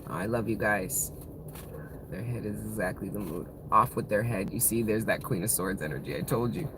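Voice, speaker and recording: With a bass voice at a moderate pace and a noisy background, a thirty-something woman gives a casual live-stream tarot reading. She's profane, playful and emotional, and laughs a lot.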